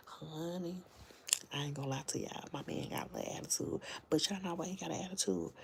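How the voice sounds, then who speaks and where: A woman's voice: sits low, gravelly, darkish tone, slight background noise. A woman hosting a casual late-night livestream from home, talking to her viewers in a chatty, slangy way and often dropping to a whisper. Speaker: livestream host and reader. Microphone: phone livestream.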